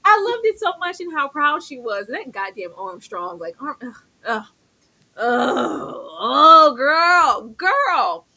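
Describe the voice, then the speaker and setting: A woman co-hosting a TV review show in casual chat, animated and exclamatory. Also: high voice, moderate pace. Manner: animated, exclamatory, talks to the characters as 'girl'.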